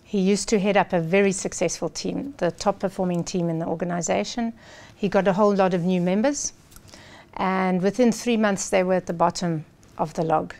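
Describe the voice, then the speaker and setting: A woman coach, a guest in a studio interview, telling a client story in an animated way. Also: lowish voice, moderate pace, creaky. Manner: animated storyteller, acts out quoted speech.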